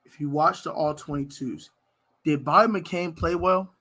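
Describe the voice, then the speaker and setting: An American man hosting a fan live stream, ranting loudly about his team's players and shouting at times. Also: a little high, measured pace. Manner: loud, animated ranting, shouting and laughing. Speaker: sports fan show host. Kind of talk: heated live-stream rant.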